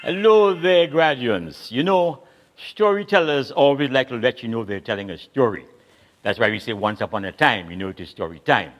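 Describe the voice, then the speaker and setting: A man's voice: medium pitch, moderate pace. A man, an older Caribbean storyteller, performing comic stories and dialect poetry with a theatrical, playful delivery. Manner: lively, theatrical, playful voices and rhythmic delivery.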